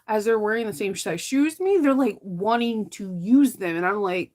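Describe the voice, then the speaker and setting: A woman's voice: mid-range voice, animated, moderate pace, darkish tone. Chatty laughing woman, tired. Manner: chatty, laughs often, trails off mid-sentence. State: tired, recovering from illness. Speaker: sewing vlogger. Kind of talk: casual chat while sewing.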